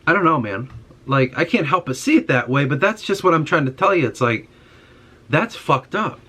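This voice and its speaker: A man's voice: a little high, lively intonation, fairly quick, bright, forceful tone. A young man in a casual monologue, ranting with frustration and heavy swearing. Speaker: podcast host.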